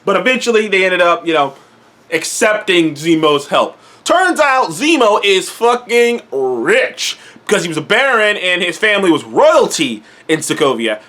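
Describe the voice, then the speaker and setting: A man's voice: high voice, big pitch swings, normal speed, sharp tone. A young man casually reviewing a TV episode, rambling and swearing freely. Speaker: TV show reviewer.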